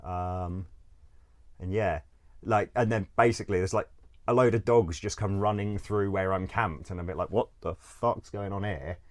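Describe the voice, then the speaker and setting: Deep-voiced man telling rambling stories. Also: fairly even intonation, normal speed. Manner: rambling, full of "like", swears freely, laughs often. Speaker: interview guest. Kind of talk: casual storytelling.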